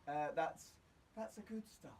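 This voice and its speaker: A man's voice: a little high, measured pace, darkish tone, far from the mic, rough recording. Male radio co-host, stammering casual chat, slightly off-mic with faint noise. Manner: stammering, repeats words. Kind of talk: casual chat about comics. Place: radio studio.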